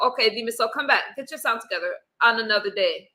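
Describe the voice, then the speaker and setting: A woman hosting a casual panel discussion, opinionated and quick to argue her point. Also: a little high, bright, forceful tone, rough recording. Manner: opinionated, argumentative. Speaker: host.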